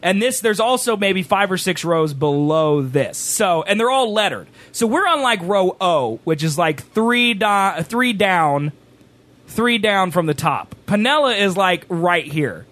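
A man telling a rambling story on a stream, animated, sometimes rising to a shout. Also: sits high, unhurried, few pauses. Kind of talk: casual storytelling chat.

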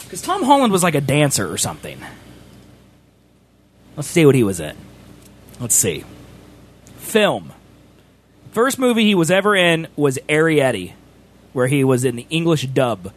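Animated, high-voiced man hosting a stream. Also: a little slow, pauses often. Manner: animated, teasing, talks over others. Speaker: streamer host. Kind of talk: casual chat.

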